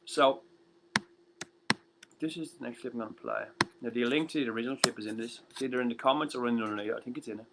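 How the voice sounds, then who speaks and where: A tired man hosting a livestream music show, rambling and ranting with constant swearing, swinging between loud outbursts and muttered asides. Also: mid-range voice, quick pace, creaky, long pauses, very noisy.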